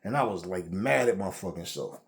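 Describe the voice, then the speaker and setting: A man's voice: low voice, lively intonation, normal speed, vocal fry. A man hosting a boxing channel, telling a story in a casual, profane, rambling way, often repeating words.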